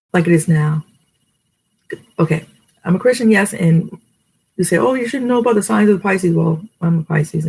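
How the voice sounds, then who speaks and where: A middle-aged woman rambles through life advice in a casual home vlog, recorded in her bedroom. Her voice is husky with a gravelly edge, and she wanders off topic. She often laughs at herself. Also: deep voice, darkish tone, poor audio. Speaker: vlogger.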